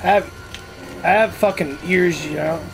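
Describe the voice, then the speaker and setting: A man's voice: high voice, measured pace, gravelly, over music, low-quality recording. A man giving casual gameplay commentary as a channel host, talking cocky trash with plenty of swearing.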